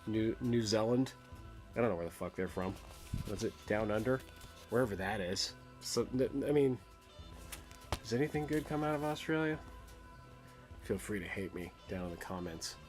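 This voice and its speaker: A man's voice: on the low side, lively intonation, moderate pace, long pauses, a little mellow, faint music behind. A man hosting his own record collection vlog, rambling in casual, crude, joking chat that trails off into mumbles.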